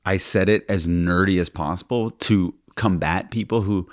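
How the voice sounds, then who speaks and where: Deadpan self-mocking man co-host, lowish voice. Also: normal speed, dry recording, clean studio sound. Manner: self-deprecating, deadpan joking. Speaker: podcast co-host. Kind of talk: casual chat.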